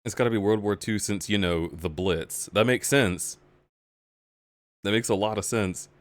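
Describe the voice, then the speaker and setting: A man's voice: on the low side, normal speed, no echo. A man streaming and reacting to a video with giggly, teasing commentary.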